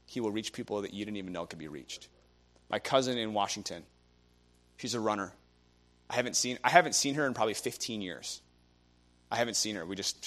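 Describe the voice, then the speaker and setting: A young man preaches with animated energy, carrying his stories along and slipping into the voices of the people in them. His pitch sits in an ordinary middle range for a man. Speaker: guest preacher. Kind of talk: sermon.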